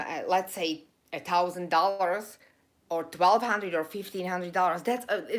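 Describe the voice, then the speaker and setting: A woman hosts a live stream, growing emotional and heated as she rants, pausing to read her viewers' chat aloud. She has a noticeable accent that she calls funky. Her voice is mid-range with a fairly bright tone.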